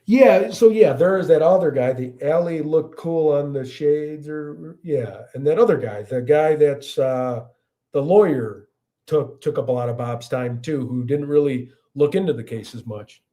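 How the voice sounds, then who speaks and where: A man's voice: fairly high pitch, a little slow, mellow. A man in his thirties from the Chicago area with a Chicago accent, hosting a casual livestream and chatting back to viewer comments with frequent restarts. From Chicago area, USA. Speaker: livestream host.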